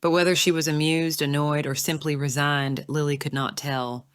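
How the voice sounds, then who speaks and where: A woman narrating an audiobook in a measured, even storytelling manner, recorded close on a studio mic. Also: sits low, clean tone, dry recording. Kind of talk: scripted narration.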